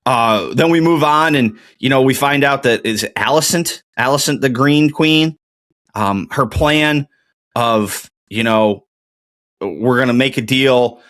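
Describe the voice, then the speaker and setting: A man's voice: mid-range voice, measured pace, fairly bright tone, no room sound. A man hosting a casual solo podcast, muttering guesses through a quiz and then rambling through a TV recap with lots of fillers. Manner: thinks aloud while playing a geography quiz, muttering guesses. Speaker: podcast host.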